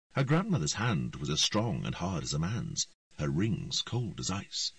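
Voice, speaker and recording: A man narrating an audiobook in an expressive storytelling style. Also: deep voice, unhurried, hardly any pauses, slightly rough, no room sound, recorded from a distance. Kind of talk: scripted narration.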